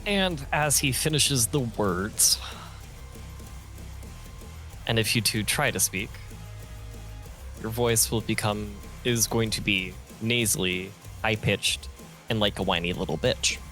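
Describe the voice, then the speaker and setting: Gm guy with a bright, lowish voice, makes the rulings. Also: slow pace, long pauses, soft background music. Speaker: game master. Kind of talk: running a tabletop game.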